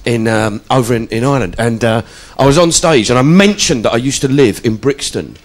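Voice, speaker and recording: A male stand-up comedian telling sweary, animated stories onstage and acting out the voices of people in them. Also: mid-range voice, brisk. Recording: loud background noise.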